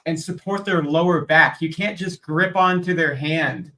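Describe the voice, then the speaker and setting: Bright-voiced man rambling in chat. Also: fairly high pitch, measured pace, low-quality recording. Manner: rambling, restarts, agreeing. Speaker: co-host reacting to a documentary. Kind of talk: casual reaction chat.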